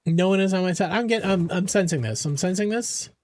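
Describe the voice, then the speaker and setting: A man's voice: high voice, brisk, a little mellow. A young man streaming a game, chatting casually and playfully with his viewers, rambling and joking as he goes. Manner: playful, rambling, answers chat and jokes around. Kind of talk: casual live-stream chat.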